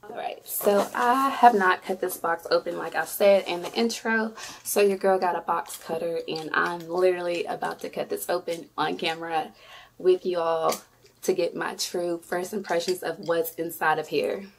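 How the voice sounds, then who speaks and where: A woman's voice: on the low side, steady tone, moderate pace, vocal fry, slight background noise. A woman vlogging an unboxing, chatty and effusive, often squealing with delight. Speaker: beauty vlogger. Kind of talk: excited unboxing vlog.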